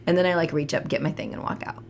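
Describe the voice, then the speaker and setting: A woman's voice: low voice, quick pace, slight background noise. Laughing woman telling a story. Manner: animated storytelling, laughs often. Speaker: podcast co-host. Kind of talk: casual chat.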